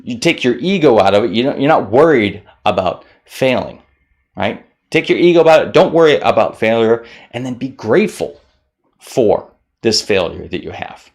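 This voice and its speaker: A man giving a motivational talk to camera, animated, mocking common excuses in whiny voices. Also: medium pitch, moderate pace. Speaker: motivational speaker.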